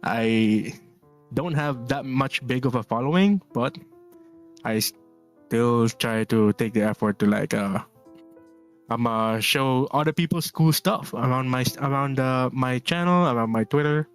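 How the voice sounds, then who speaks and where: Relaxed rambling male streamer, music behind. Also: medium pitch, measured pace. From Philippines. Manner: relaxed, rambling, laughs often, reads chat aloud. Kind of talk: casual chat while drawing.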